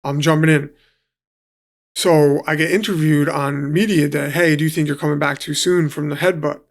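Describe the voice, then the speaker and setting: A man's voice: fairly high pitch, steady tone, normal speed, creaky. A man from New City, a guest telling his story casually, swearing freely and acting out what others said. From New York City. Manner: swears freely, acts out quotes. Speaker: guest, professional fighter.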